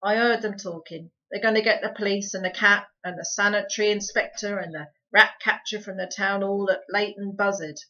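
A woman voicing a tired, blunt little borrower father who speaks flatly in rough country grammar, in a storybook reading. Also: medium pitch, fairly quick, few pauses, lightly acted. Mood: weary blunt. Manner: flat, weary, blunt rustic grammar. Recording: dull lo-fi recording.

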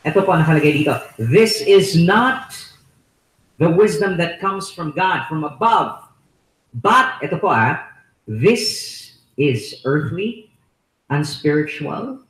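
A Filipino-accented man preaches with emphasis, hammering key words and throwing rhetorical questions at his listeners. His voice sits somewhat high for a man. The recording has a roomy echo, as in a church hall. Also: a bit bright. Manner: repeats and stresses key words. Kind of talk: sermon. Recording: echoey room.

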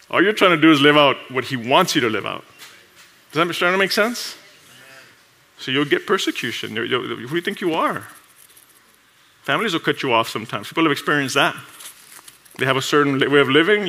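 A man preaching a sermon in a lively, conversational way, laughing often and acting out short exchanges with coworkers. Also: medium pitch. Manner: acts out coworkers' voices in quick asides. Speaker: pastor.

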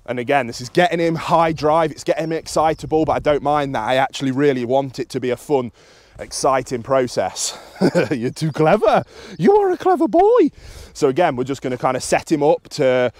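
A young man, a dog trainer, explaining a recall session in a calm and practical way, outdoors in an open field. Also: a little fast, no room sound. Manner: explains calmly, then bursts into high excited praise for the dog.

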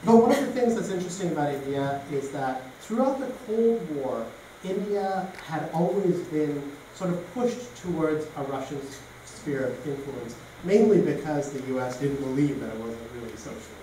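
A man's voice: on the high side, animated, normal speed, dark tone. Man lecturing in an echoey room. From Canada. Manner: informal, anecdotal storytelling. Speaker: guest lecturer. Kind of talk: public lecture. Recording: echoey room from a distance, faint noise.

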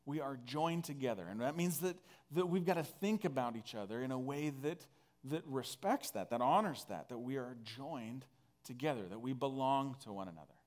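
A man's voice: medium pitch, lively intonation, normal speed. A man from northern Canada preaching a conversational sermon, earnest and full of restarts. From northern Alberta, Canada. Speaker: pastor.

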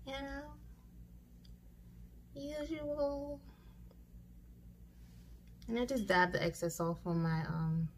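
A woman's voice: on the high side, vocal fry, a little hiss or hum. A young woman chatting casually through a makeup tutorial at home, self-mocking and swearing now and then. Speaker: beauty vlogger. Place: home room with mirror and lights. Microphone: camera mic.

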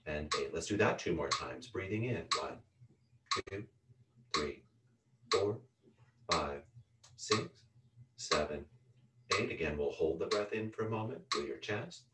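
Slow, deep-voiced man guiding yoga breaths. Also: very noisy. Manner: calm, unhurried counting of breaths. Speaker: yoga teacher. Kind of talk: guided yoga breathing instruction. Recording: roomy sound from a distant mic with a loud ticking metronome. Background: metronome clicking once a second.

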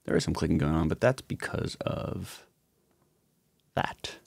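A man's voice: a bass voice, unhurried, vocal fry. A man chatting casually on a livestream while producing music, muttering to himself, swearing and mocking himself. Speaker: music producer streaming a session. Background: music from the session.

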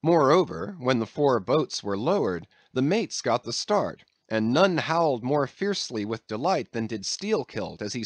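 A man's voice: mid-range voice, no echo. A man narrating an audiobook with a dramatic storytelling delivery. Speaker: audiobook reader. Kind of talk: scripted narration.

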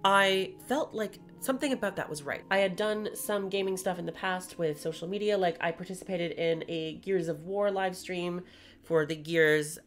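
A woman's voice: lowish voice, normal speed, faint music behind. A woman in her twenties chatting candidly to camera while doing her makeup, with playful asides. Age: 20s. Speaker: YouTuber and streamer. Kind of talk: casual vlog chat while doing makeup.

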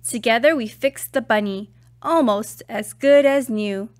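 Slow, expressive woman reading a storybook. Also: a little high. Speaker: children's book reader. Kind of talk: storybook read-aloud.

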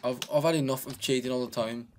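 Man, gameplay commentary, chatty, jokey, talks to himself, mid pitch, desk mic, faint keyboard clicks. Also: steady tone, fast, a little mellow, slight background noise. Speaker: gaming channel host. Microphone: desk microphone.

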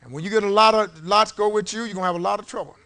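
High bright-voiced preacher man. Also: racing. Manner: call-and-response preaching, swinging between low talk and shouted peaks. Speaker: pastor. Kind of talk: sermon. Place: church sanctuary before a congregation. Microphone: live-streamed service mic.

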